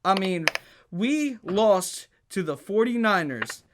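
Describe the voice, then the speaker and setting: A man's voice: fairly high pitch, lively intonation, measured pace, noisy background. A man co-hosting a casual sports podcast, heated and emphatic, often stuttering and restarting his sentences.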